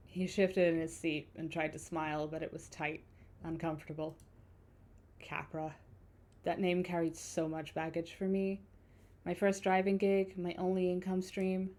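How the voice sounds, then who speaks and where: A woman's voice: lowish voice, level tone, measured pace, darkish tone. A woman streamer reading a story game's narration aloud and dropping self-deprecating asides. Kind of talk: game let's play with read-aloud narration.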